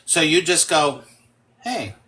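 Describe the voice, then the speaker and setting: A man's voice: fairly high pitch, lively intonation, unhurried, sharp tone. A man talking as a guest in a casual conversation, emphatic, swearing freely and acting out quoted speech.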